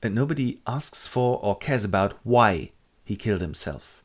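A man hosting a comic retelling of a classic play, with wry deadpan asides. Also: fairly low pitch, moderate pace. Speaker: host.

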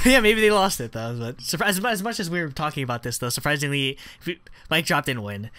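A man co-hosting a podcast in casual chat, laughing often and talking with excitement. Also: fairly high pitch, a little fast, no room sound. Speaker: podcast co-host.

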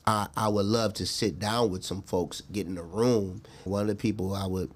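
A middle-aged man talking earnestly as a guest in a casual interview, reflective and quick to laugh. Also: lowish voice, fairly even intonation.

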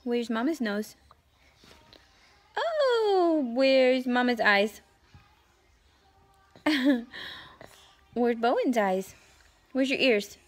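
A woman's voice: high voice, big pitch swings, extremely slow, pauses often. A young mother, playfully coaxing her toddler to say words in a casual home vlog. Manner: sing-song baby talk, playful and coaxing. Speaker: vlogger, mother.

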